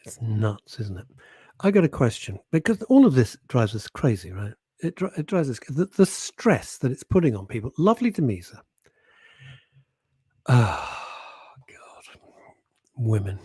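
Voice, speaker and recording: A man's voice: mid-range voice, dark tone, husky, no room sound. A man hosting a casual radio show, chatting, teasing listeners and laughing often. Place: radio studio.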